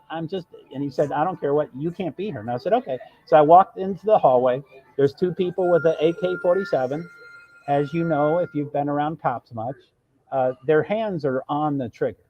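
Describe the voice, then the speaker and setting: Man, husky voice, fairly high pitch, rambling storyteller, dull lo-fi stream audio. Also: a little mellow. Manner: rambling, self-interrupting, quotes others. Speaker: live streamer. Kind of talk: casual storytelling.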